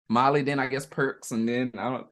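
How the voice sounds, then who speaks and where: A woman's voice: a bass voice, fairly even intonation, a bit bright. A woman co-hosting a movie podcast, musing casually with lots of laughter. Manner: laughing, musing, quick asides. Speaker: podcast co-host.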